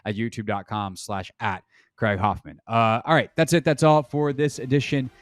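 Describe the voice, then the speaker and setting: Brief: male sports podcast co-host, casual and rambling, joking, medium pitch, close dry mic. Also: fairly even intonation, moderate pace, no echo. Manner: rambling, self-correcting, jokey.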